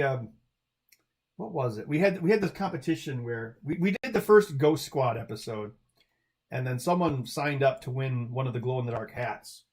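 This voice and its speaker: A man's voice: mid-range voice, darkish tone. Chatty rambling man hosting a livestream. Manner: rambling, chatty, many fillers and restarts. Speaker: livestream host answering chat. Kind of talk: casual livestream chat.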